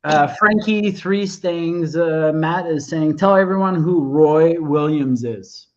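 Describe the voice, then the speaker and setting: A laid-back man co-hosts a live stream, talking slowly and passing on chat comments. His voice sits a little high. The audio is dull and lo-fi. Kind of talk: casual chat.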